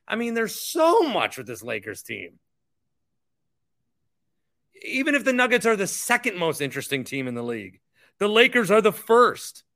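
A young man hosting a sports podcast speaks in a high voice with huge pitch swings, creaky texture, and a bright, forceful tone, at moderate pace with long pauses. His casual talk turns into a heated rant where he keeps repeating himself.

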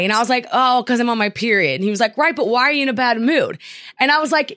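Animated young woman with a higher voice. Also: a little fast. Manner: animated storyteller, acts out quoted dialogue. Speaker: podcast co-host. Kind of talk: casual chat.

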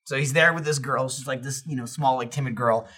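A young man co-hosting a casual podcast, telling an animated story full of fillers and swearing. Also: medium pitch, brisk. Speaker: podcast co-host.

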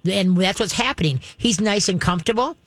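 A woman's voice: medium pitch, fairly quick, dry recording. Woman radio host, direct and instructive, chatty advice voice, dry close sound. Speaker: radio show dog trainer host. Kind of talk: advice call-in talk.

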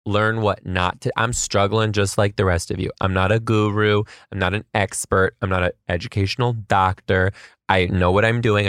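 Gravelly low-voiced man telling teacher stories. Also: no room sound, clean studio sound. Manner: animated, self-mocking, dramatic asides. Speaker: kindergarten teacher. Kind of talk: comedic storytelling vlog.

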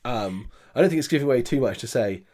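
A man co-hosting a casual film review chat, speaking hesitantly with many fillers and giving measured verdicts. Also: mid-range voice, lively intonation, mellow. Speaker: podcast co-host.

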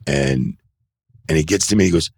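A middle-aged man who works as a wrestling referee gives loose, animated anecdotes during a casual interview on an indoor set, acting out quoted voices and leaning on "you know" and "like." His voice is rumbling low with a breathy edge, at a moderate pace, recorded at studio quality with no room sound.

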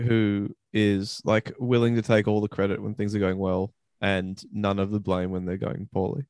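A man co-hosting a casual sports podcast, a journalist who talks calmly and dryly. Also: lowish voice, normal speed, smooth, dry recording, clean studio sound.

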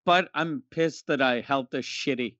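A man's voice: mid-range voice, a little slow, fairly bright tone, dry recording, highs cut off. A man chatting casually on a podcast with a wry, laid-back, profane delivery. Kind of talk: casual chat.

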